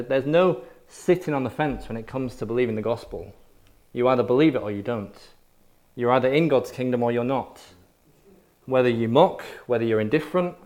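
A man's voice: medium pitch, a little mellow. A man preaching a sermon in short, punchy, repeated phrases. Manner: emphatic, punchy repetition.

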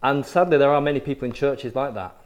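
A man's voice: medium pitch, fast talker. A man preaching a sermon in short, punchy, repeated phrases. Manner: emphatic, punchy repetition.

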